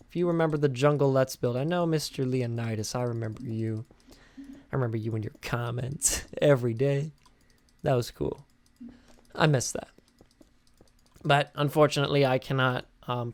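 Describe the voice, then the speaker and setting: Tired, chatty young gamer with a dry mic. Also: male voice, medium pitch, dry recording. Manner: rambling and chatty, with filler words and restarts. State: tired and sleepy. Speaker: gaming channel host. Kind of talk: casual game commentary while building.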